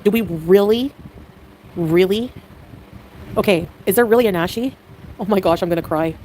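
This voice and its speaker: A woman chatting casually on a livestream, excitable and giggly, with quick swings in mood. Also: mid-range voice, slight background noise, rough recording.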